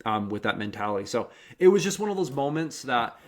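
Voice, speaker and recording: A man hosting a running podcast, telling stories in a lively, chatty way with frequent restarts. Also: medium pitch, brisk. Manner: animated storytelling, many restarts. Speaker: podcast host and running coach. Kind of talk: casual interview chat.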